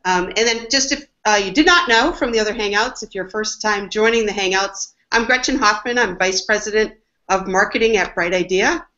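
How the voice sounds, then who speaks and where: A woman's voice: medium pitch, fairly quick, sharp tone. A woman hosting a business webinar, introducing panelists in an upbeat, enthusiastic way over dull lo-fi webinar audio. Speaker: webinar host, marketing executive.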